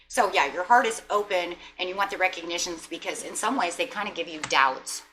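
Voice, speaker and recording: A woman's voice: fairly low pitch, normal speed, sharp tone, slight background noise, rough recording. A woman giving a casual tarot reading, talking in a rambling way and acting out short imagined exchanges. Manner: chatty, rambling, acts out little quoted exchanges. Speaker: tarot reader.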